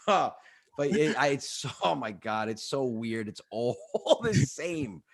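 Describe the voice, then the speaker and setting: Animated, swearing New comedian. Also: male voice, medium pitch, measured pace. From New York. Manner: animated, swearing, acts out quotes. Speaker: comedian guest. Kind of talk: casual storytelling. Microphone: podcast studio mic.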